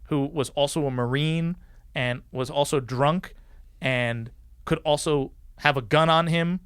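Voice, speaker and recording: A former police officer, a man, telling a story as a podcast guest, animated and swearing freely as he acts out the people he quotes. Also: on the high side, a little slow, clear, resonant tone, no room sound, clean studio sound. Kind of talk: casual storytelling.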